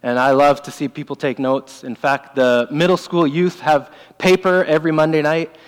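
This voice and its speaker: Preacher guy giving a sermon, kinda high voice, lots of church echo, keeps repeating the point. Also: level tone, moderate pace, smooth. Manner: earnest, emphatic, repeats key phrases. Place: church sanctuary. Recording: long reverb of a large hall.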